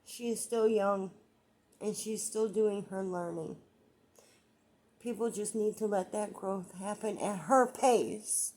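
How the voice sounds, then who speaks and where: A woman talks slowly and at length to her viewers in a personal vlog. She rambles, circles back and repeats phrases, and her frustration keeps breaking through. Her voice sits at a middle pitch. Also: darkish tone, a little hiss or hum. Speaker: vlogger. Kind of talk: emotional personal vlog monologue.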